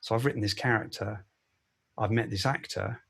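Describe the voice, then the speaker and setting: Male director, low and husky, halting delivery. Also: fairly even intonation, fairly bright tone. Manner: hesitant, with many fillers and restarts. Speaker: film director. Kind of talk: interview answers.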